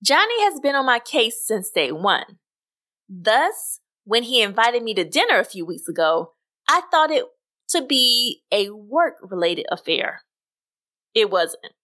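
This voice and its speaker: A woman podcast host reading her own story aloud, with an expressive, animated delivery. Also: fairly high pitch, a little slow. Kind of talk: scripted story narration.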